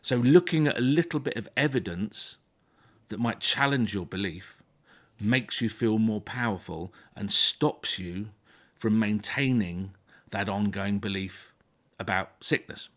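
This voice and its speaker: A man with a fairly low voice explains things patiently in the calm, steady way of a therapist. He often restarts his sentences and repeats words as he goes, checking in with his listener along the way. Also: unhurried. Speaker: phobia therapist. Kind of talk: explaining to a guest in conversation.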